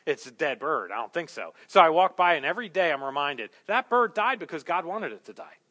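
A man preaching a sermon as pastor, conversational and animated, building to emphatic peaks. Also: fairly high pitch, a little fast.

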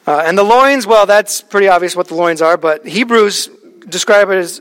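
A man's voice: sits high, a bit bright. A man in his thirties, a pastor, preaching a conversational sermon with personal stories and frequent restarts. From Alaska.

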